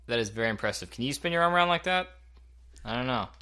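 A man co-hosting, chatting playfully with his young son and asking him gentle, coaxing questions. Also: medium pitch, lively intonation, fast, clean tone. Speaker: co-host and father. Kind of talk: playful chat with a toddler.

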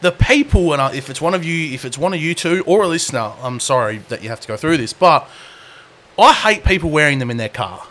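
A man co-hosting a podcast, chatting casually, animated and ranting with frequent laughs. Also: on the high side, quick pace. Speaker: podcast co-host. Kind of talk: casual chat.

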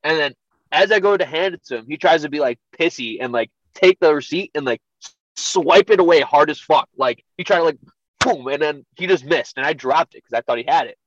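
Young guy swearing thru a story, animated, dull dry sound. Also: fairly high pitch, fairly quick, dry recording. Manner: profane, animated storytelling, laid-back. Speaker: podcast guest. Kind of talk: casual storytelling.

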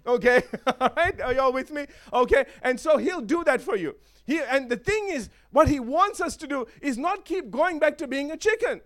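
Lively, laughing high-voiced male preacher. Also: moderate pace, hardly any pauses. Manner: animated, laughing, acts out voices of chickens and eagles; asks the congregation for responses. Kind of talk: sermon.

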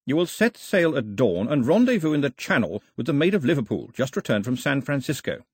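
An audiobook narrator, a man, voicing an officious male company agent who shouts his orders. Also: medium pitch, sing-song, a little fast, husky, dry recording, studio quality, pitched above the performer's own voice. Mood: commanding. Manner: shouting through a megaphone, officious.

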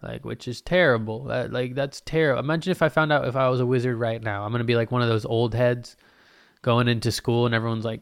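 A man's voice: medium pitch, little pitch movement, fast, creaky, clear, resonant tone, no echo, clean studio sound. A man, hosting a podcast alone in a casual, profane, rambling and jokey way. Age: 20s. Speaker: podcast host. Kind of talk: casual solo podcast rant.

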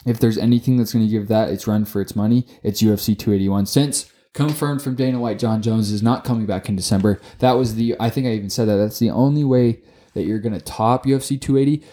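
A man co-hosting a casual sports podcast, talking excitably, swearing often and tripping over his words. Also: on the low side, fast. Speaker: podcast co-host.

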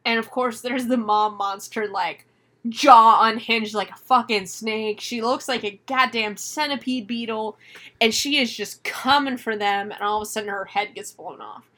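A woman co-hosting a casual movie review, retelling the plot in an animated way and acting out the characters' lines. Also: a little high, moderate pace. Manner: animated retelling with laughs and acted-out quotes. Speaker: podcast co-host.

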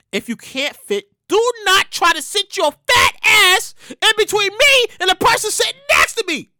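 A man hosting a solo podcast, talking loudly and animatedly with plenty of profanity. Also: extremely high pitch, normal speed, no room sound, studio quality. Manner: loud, animated, profane ranting. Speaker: podcast host. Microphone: studio microphone.

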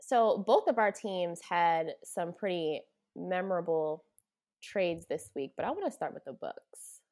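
A woman co-hosting a casual sports chat, steering the topics and laughing along. She speaks slowly, in a lowish voice that rises and falls a lot. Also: expressive, darkish tone. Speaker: podcast co-host.

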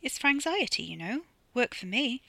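A woman's voice: fairly high pitch, sing-song, normal speed, vocal fry, bright, forceful tone, no echo, voice pushed up, full character voice. Woman voicing a wry, coaxing woman.

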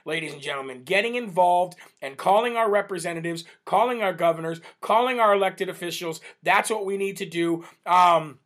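Chatty high-voiced male livestream host. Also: a little fast, few pauses, a bit bright. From United States. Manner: chatty, laughs often, many fillers. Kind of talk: casual livestream talk with viewer shout-outs.

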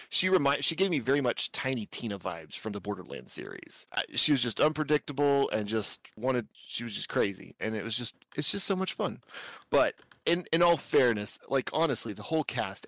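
A man co-hosting a casual podcast chat, enthusiastic and quick to laugh. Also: mid-range voice, fairly bright tone, no echo. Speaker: podcast co-host.

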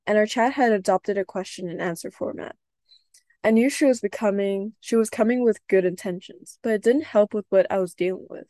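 A young woman hosting a podcast, talking earnestly about her own experience in a soft voice with hesitant restarts. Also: mid-range voice, no room sound. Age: young adult. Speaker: podcast host. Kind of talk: personal reflective podcast talk.

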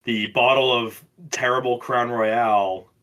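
A young man co-hosting a podcast, chatting casually in a loud, profane, animated way. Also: mid-range voice, slow. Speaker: podcast co-host. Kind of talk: casual chat.

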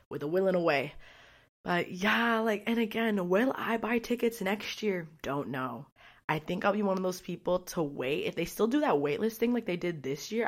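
A young woman hosting her own podcast, chatting casually and rambling, with lots of fillers and swearing. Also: fairly low pitch. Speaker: podcast host. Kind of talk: casual solo podcast chat.

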